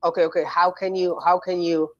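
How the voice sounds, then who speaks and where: A man's voice: high voice, level tone, fairly quick, no room sound, muffled recording. A man with an Arabic accent in a heated call-in debate, hesitant and repeating himself as he tries to get a word in. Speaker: caller in a debate.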